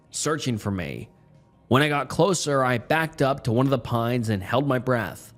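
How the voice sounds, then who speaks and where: A man telling a first-person horror story as scripted narration, in a tense, measured delivery. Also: mid-range voice. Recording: faint music underneath.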